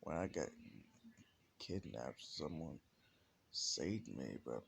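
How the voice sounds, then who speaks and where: A man voicing a calm fourteen-year-old boy in a quiet, plain way, close to his own voice. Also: rumbling low, takes it slowly, creaky, full character voice.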